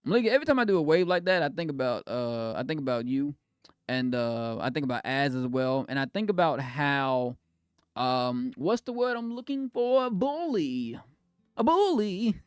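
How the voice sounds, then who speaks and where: A man's voice: on the high side, very animated, normal speed, clean tone, no room sound, studio quality. A man livestreaming, chatting casually and reading chat messages in a playful, slangy way, often laughing. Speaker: streamer.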